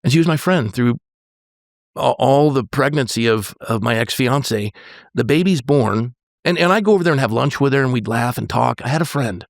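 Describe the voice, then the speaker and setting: Earnest and halting, a man in his sixties who is a pastor recounts a personal story on a podcast, restarting frequently and quoting dialogue. His medium-pitched voice is expressive with vocal fry, and the studio-quality audio has no echo.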